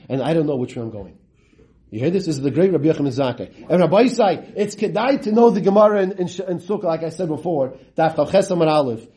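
A man teaching a Talmud lesson, reading the Aramaic and translating it line by line, asking rhetorical questions and swinging his pitch for drama. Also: dark tone.

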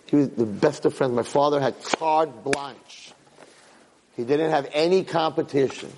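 A man giving a fervent Torah talk as a rabbi, telling stories with animated energy that builds to shouting. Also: on the high side, measured pace, noisy background. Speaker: rabbi teaching students. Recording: long hall reverb.

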